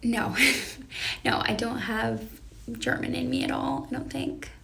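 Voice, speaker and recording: A woman's voice: a little high, fairly even intonation, unhurried, vocal fry, fairly bright tone, a little hiss or hum. A young woman, a life coach, chatting earnestly on a live stream and reading out viewers' questions. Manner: earnest, reflective, reads viewer questions aloud. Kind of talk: casual live-stream chat. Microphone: phone or webcam on a live stream.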